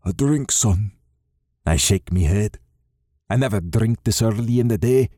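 A man narrating a novel in the first person, steady and measured. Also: on the low side, no echo, studio quality. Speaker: audiobook narrator.

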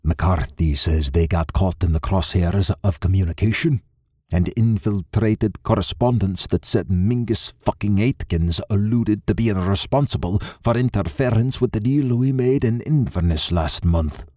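A man narrates a novel in the first person in a steady, measured way. His voice sits on the low side. The recording is close and dry, with no room sound. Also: dry recording. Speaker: audiobook narrator.

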